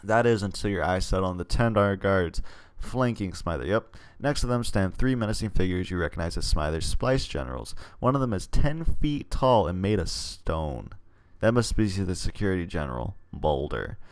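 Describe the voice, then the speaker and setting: Reading a text game's story aloud for a casual let's play, a man with a low voice uses lively intonation at a moderate pace with hardly any pauses. He drifts into hesitant, rambling comments on his choices between passages, and there's no room sound.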